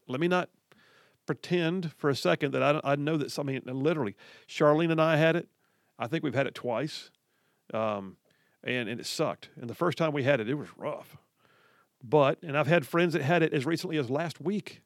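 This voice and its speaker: A male talk radio host holds forth in an animated, mocking monologue. His voice sits a little high for a man and comes across close and dry, with no room sound. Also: no echo. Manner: animated, mocking, quotes others in put-on voices.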